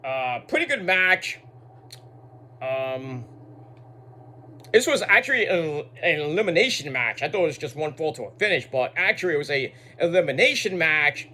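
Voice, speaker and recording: A man's voice: fairly high pitch, expressive, moderate pace, pushed and bright. A man giving a casual recap of a show. He rambles, repeats words, makes asides and swears freely. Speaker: wrestling show reviewer.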